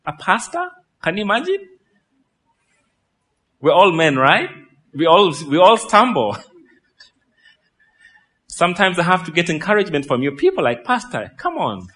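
Pastor preaching with a fraying voice. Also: male voice, sits high, measured pace, long pauses. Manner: lively, asks the crowd questions, laughs. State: losing his voice. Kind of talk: sermon.

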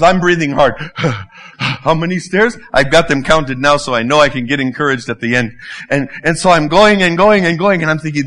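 A high-voiced man in his fifties preaches as a guest speaker. He delivers his sermon through lively, humorous stories, with a bright and animated manner. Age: 50s.

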